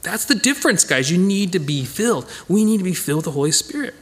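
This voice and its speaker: A male Bible teacher leading a casual study, speaking with emphatic energy and addressing his group directly. His voice sits high and swings widely in pitch as he drives home each point. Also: quick pace. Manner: animated, emphatic, talks to listeners as "guys".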